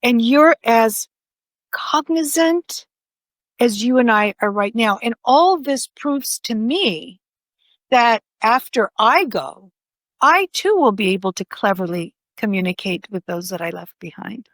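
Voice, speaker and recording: Lively, fairly high-voiced woman storyteller. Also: measured pace, no echo. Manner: animated, vividly acts out voices in her stories. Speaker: author and podcast guest. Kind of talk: personal storytelling in conversation.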